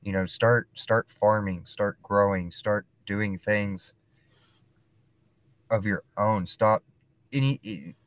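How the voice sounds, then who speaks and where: A young man in casual podcast chat, speaking haltingly and searching for his words. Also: fairly low pitch, no echo.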